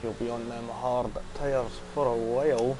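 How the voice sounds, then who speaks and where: A man's voice: medium pitch, flat delivery, measured pace, noisy background. A young Scottish man giving casual, swearing live commentary on a sim racing league stream and chatting with viewers. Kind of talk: live esports race commentary.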